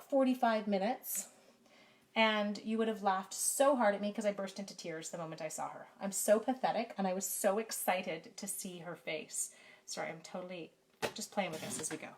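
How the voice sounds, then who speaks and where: Speaking briskly at a medium pitch, a middle-aged Canadian stamping demonstrator leads a live card-making tutorial from her home craft room. She chats with viewers by name and pokes fun at herself, recorded on a camera mic.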